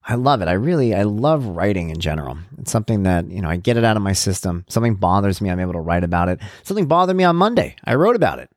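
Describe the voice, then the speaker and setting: A man's voice: rapid-fire, hardly any pauses, no echo, studio quality. A man talking in a casual, heartfelt personal monologue as a blogger and podcast host. He tells stories animatedly and repeats himself for emphasis. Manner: animated storyteller, acts out quoted dialogue with big pitch jumps.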